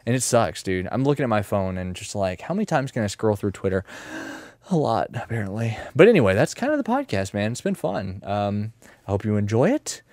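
A man hosting a casual solo podcast from his mom's house. His voice sits low, and he rambles in a joking, self-mocking way that jumps between loud outbursts and quiet asides. The recording is dry and close. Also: fairly quick, no room sound. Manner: joking, self-mocking, animated swings in loudness. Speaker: podcast host and streamer.

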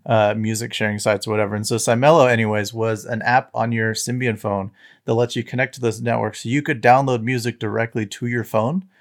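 A man's voice: medium pitch, vocal fry. A man on a podcast as a guest, reminiscing casually in a rambling way, full of fillers and restarts. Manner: rambling, filler-heavy storytelling. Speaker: podcast guest, tech site founder.

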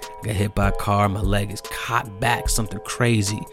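Animated, profane young man telling a story. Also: lowish voice, moderate pace, music in the background. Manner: animated, profane, heated and repetitive. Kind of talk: casual storytelling.

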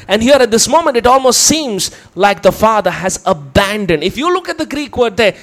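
A man with a high, light voice delivers a teaching sermon. He explains things patiently, point by point, and often turns to his listeners with a quick question. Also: big pitch swings, a bit bright. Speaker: preacher.

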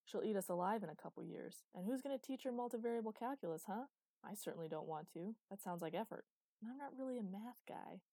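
A woman's voice: medium pitch, expressive, quick pace, mellow, no room sound, pitched above the performer's own voice. A woman voicing a playful, mock-dramatic man who teases his family aboard a small ship, in a storybook reading. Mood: teasing. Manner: playful, mock-theatrical teasing. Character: teasing, dramatic adult male spaceship partner.

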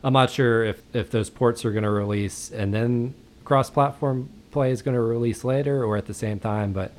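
A man's voice: mid-range voice, normal speed. A man co-hosting a gaming podcast, chatting casually with a lot of hesitant fillers. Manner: relaxed, hesitant, with many fillers. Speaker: podcast co-host. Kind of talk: casual chat.

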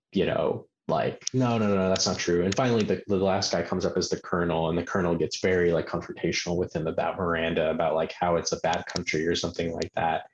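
Low-voiced guy on a film podcast, rambly, says like a lot, roomy muffled sound with a little hiss. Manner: rambling, heavy use of filler "like". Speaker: podcast co-host. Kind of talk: casual film discussion.

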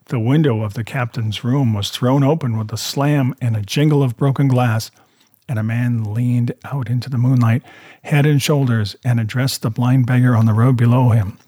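A man reading a classic adventure novel aloud, telling it in a measured way and voicing the characters. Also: medium pitch, steady tone, dark tone, no room sound, studio quality. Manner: measured storytelling with voiced characters. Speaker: reader.

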